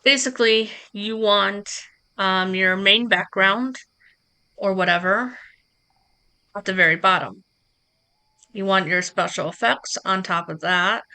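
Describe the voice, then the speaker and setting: A woman streamer walking her viewers through streaming software in a relaxed, chatty live tutorial, talking into a close microphone at her home setup. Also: medium pitch, clear, resonant tone. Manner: relaxed, chatty explaining with asides to chat.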